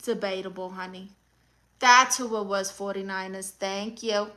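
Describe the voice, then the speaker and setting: A woman with a New York accent hosts a comedic livestream as an aunt character, reading viewer comments and answering with dry, deadpan quips. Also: mid-range voice, measured pace, poor audio. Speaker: livestream host playing an aunt.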